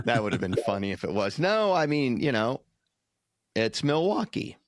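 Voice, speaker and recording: A man's voice: medium pitch, sing-song, measured pace, no room sound, clean studio sound. A man co-hosting a casual podcast, recapping a quiz answer in an easygoing, joking way with many uhs. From United States. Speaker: podcast co-host.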